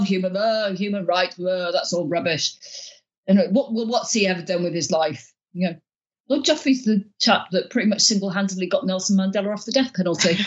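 A woman's voice: medium pitch, muffled recording. A woman being interviewed as a member of the upper chamber, telling stories chattily with many restarts. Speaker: guest peer. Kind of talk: conversational interview.

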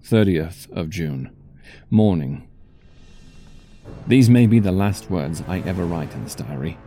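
A male narrator reads a gothic tale in the first person with a measured, storytelling delivery. His voice is fairly low and very dark and mellow. Soft music plays faintly behind him. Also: animated. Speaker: audiobook narrator.

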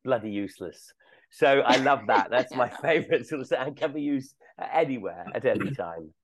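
A man chatting casually, telling stories haltingly with many pauses and restarts, and chuckling through them. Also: mid-range voice, animated, dry recording, low-quality recording. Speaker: guest, tour company co-founder. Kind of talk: casual storytelling chat.

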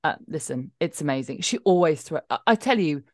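Low-voiced woman, dry studio sound. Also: expressive, fairly quick, a little mellow, no room sound. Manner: chatty, emphatic, trails off into asides. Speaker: podcast co-host. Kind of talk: casual chat.

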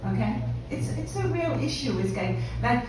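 A woman's voice: a little high, expressive, moderate pace. A young woman from France with a French accent, doing brash, self-mocking stand-up comedy in English and laughing often. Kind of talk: stand-up comedy set and workshop chat. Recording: echoey room, mic at a distance, background noise.

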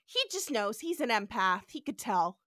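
Woman, bright, dry close sound, animated casual recap. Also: mid-range voice, moderate pace, no echo. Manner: animated, acts out quotes. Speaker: podcast co-host.

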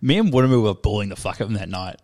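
Fast-talking young man, swearing. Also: on the low side, animated, a little mellow. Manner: fast, laughing, swearing storyteller. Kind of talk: casual chat.

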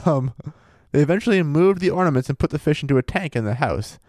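A man's voice: fairly high pitch, animated, fast talker, darkish tone, no room sound. Laid-back swearing man, dry close sound. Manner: laid-back, profane, laughs often. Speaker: podcast co-host reading a paranormal story. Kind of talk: casual chat with read-aloud passages.

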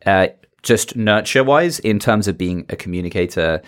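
Lively man with a low voice, giving motivational advice. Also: normal speed. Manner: animated, plays with tone and pace to make points. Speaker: podcast guest, public speaker. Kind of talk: motivational talk in a conversation.

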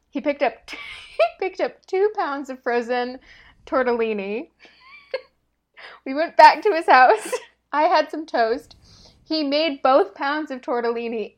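A young woman chatting casually, telling a long story with lots of fillers and frequent laughter. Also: sits high. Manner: rambling storyteller, laughs often, many fillers. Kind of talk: casual chat.

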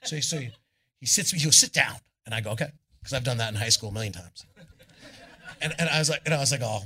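A man's voice: medium pitch, quick pace, slight background noise. A man, a rock musician guest on a live club stage, telling a rambling, profane story and acting out the people in it. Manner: animated, swearing, acts out the people in his story.

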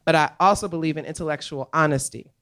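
A woman guest in a live podcast interview on a comedy club stage, talking in an animated, emphatic way with quick laughs. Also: sits low, smooth.

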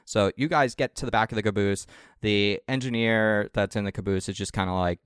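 A man narrating a tabletop game as game master in a quick, casual way. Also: on the low side, steady tone, clean tone, no echo, clean studio sound.

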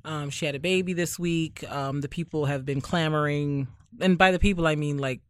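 Sardonic, rambling man with higher voice. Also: steady tone, normal speed, a bit bright, smooth. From Barbados. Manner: sardonic, rambling, heavy on fillers. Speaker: podcast host. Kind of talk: casual chat.

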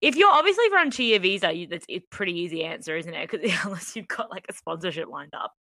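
A woman's voice: fairly low pitch, animated, quick pace, sharp tone, no room sound. A young Australian woman co-hosting a podcast in casual chat, laughing often, swearing and acting out the people she quotes. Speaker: podcast co-host.

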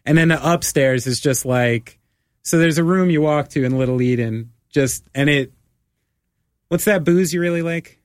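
A man's voice: on the high side, normal speed, dry recording, clean studio sound. A man hosting a casual chat, rambling and filling his talk with "like.". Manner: rambling, lots of "like".

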